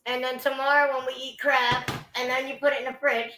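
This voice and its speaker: A woman's voice: high voice, little pitch movement, fairly quick, echoey room, noisy background. A woman hosting a casual livestream from her home, chatting loosely and cursing now and then. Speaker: livestream host. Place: at home indoors.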